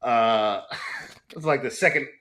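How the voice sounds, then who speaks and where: Animated man telling a story, bright voice. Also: takes it slowly. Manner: animated storyteller, acts out quotes with big pitch jumps. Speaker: actor guest. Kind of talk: casual storytelling interview.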